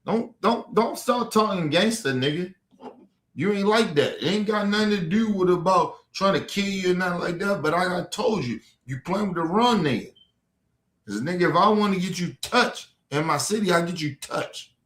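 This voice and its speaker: A man's voice: high-pitched, lively intonation, normal speed, fairly bright tone, reverberant. A man ranting at a viewer on a livestream, aggressive and profane. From Baltimore. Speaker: streamer. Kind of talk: livestream rant.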